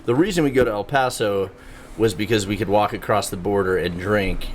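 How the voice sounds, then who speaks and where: A man's voice: fairly low pitch, fairly quick, a little hiss or hum. A man who is a guest on a casual podcast, telling stories about himself in a laid-back, self-deprecating way. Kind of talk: casual chat.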